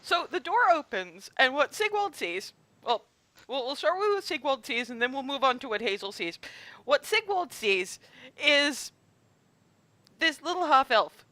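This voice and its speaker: Woman game master, high lively voice, dry sound, laughs often. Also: unhurried, no room sound. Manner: animated, laughs often, stumbles and repeats. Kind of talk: narrating a tabletop game over a call. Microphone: video call.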